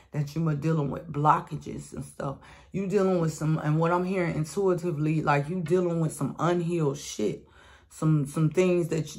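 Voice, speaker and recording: A woman doing a casual collective tarot reading, talking bluntly with slang and profanity and calling listeners sweetheart. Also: low-pitched. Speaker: tarot reader.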